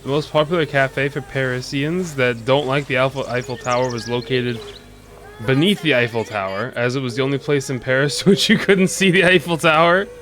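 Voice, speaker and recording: A man's voice: medium pitch, a little fast, fairly bright tone. A man streaming a video game, joking and curious as he comments on what he sees. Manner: joking, curious, often laughing. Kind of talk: gameplay commentary.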